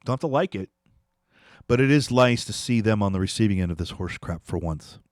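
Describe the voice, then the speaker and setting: A man's voice: lowish voice, animated, brisk, dry recording, clean studio sound. A man hosting a political commentary, ranting angrily and repeating himself as he dares his listeners to respond. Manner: angry, ranting, repetitive, challenging viewers.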